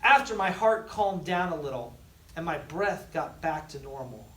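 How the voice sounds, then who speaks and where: A school staff member reading a picture book aloud to students, expressive, with dramatic pauses and sudden loud surges. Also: mid-range voice. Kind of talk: storybook read-aloud. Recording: echoey room, distant mic, faint noise.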